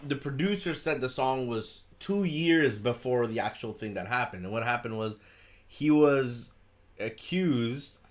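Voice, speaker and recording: A man co-hosts a relaxed podcast over a video call, his voice sitting at an ordinary middle pitch. He talks in a loose, excitable way, with frequent swearing and easy laughter. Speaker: podcast co-host. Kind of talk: casual podcast chat.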